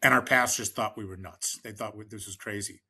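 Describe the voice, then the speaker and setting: Bright, forceful and slightly rough, this middle-aged American's lowish voice holds a steady tone and runs a little fast. As a fundraising expert guesting on a podcast, he shares long anecdotes peppered with fillers and restarts, performing the voices of the people he quotes.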